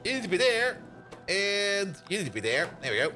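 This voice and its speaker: Lively, bright-voiced male game streamer. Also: high voice, a little fast, faint music behind. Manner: animated, laughs often, swears casually. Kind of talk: casual live-stream chat while playing.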